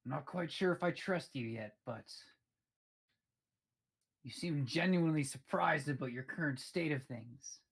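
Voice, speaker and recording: A man voicing a cautious male adventurer who wields magic, speaking in a measured, guarded way. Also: fairly high pitch, creaky, fairly bright tone, slightly rough, heavily acted.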